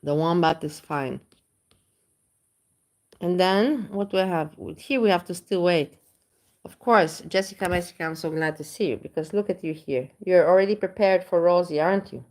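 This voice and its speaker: A woman's voice: lowish voice, normal speed, darkish tone. Blunt woman hosting a casual livestream. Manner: blunt, crude, chatty, greets viewers by name. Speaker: livestream host reacting to videos.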